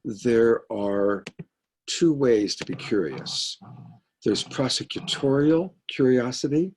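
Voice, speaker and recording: A man leading a mentorship group as a love coach, teaching in a conversational, earnest way over a video call and trailing off into quieter asides. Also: mid-range voice, expressive, slow.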